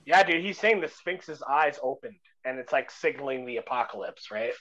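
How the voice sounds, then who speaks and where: A man's voice: mid-range voice, lively intonation, normal speed, a bit bright. A man chatting casually as a podcast guest, laid-back and agreeable. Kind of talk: casual chat. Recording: dull lo-fi sound.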